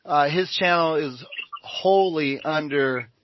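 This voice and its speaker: A man co-hosting a casual chat show, hesitant and halting, giving thanks and shout-outs. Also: on the high side. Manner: hesitant, many "uh" fillers, grateful. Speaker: co-host. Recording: muffled lo-fi audio.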